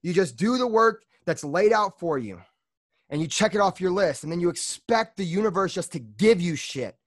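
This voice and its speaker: A man's voice: high voice, animated, normal speed, dry recording, studio quality. Fired-up man, blunt podcast host. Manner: blunt, fired-up, swears freely. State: out of breath. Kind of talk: motivational monologue.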